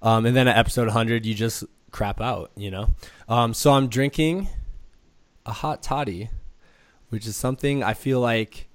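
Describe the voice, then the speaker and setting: A man's voice: mid-range voice, normal speed, dry recording. Young guy with a cold, scratchy voice, chatty podcast host, lots of ums, dry mic. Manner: rambling, filler-heavy, upbeat. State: hoarse from a cold. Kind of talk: casual podcast chat.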